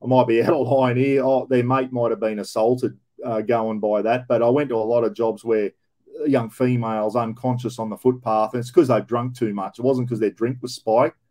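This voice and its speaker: An Australian man with a dark, mellow tone tells his old police stories bluntly, swearing freely and leaning on slang. He speaks at a middling pitch in a loose, casual reaction-video style. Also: little pitch movement, moderate pace. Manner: blunt, profane storytelling with slang.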